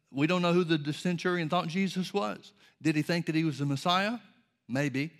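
A man preaching a sermon, explaining scripture in a measured way and reading old-style Bible verses aloud. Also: on the high side, fairly bright tone.

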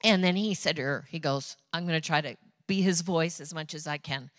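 Chatty woman preaching with a bright voice. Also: sits low, brisk, no echo. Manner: animated, chatty storytelling. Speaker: pastor's wife preaching. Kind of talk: sermon with personal stories.

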